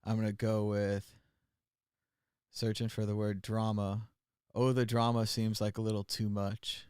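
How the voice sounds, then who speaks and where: A low-pitched man hosts a live internet call-in show, talking in a loose, rambling way full of "uh"s. He often drops into quiet muttering as he clicks around the computer. His voice sits close and dry, with no room sound. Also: level tone, unhurried, smooth, no room sound. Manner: rambling, thinks aloud and mutters while working the computer. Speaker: host of a live call-in stream. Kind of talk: casual live-stream talk.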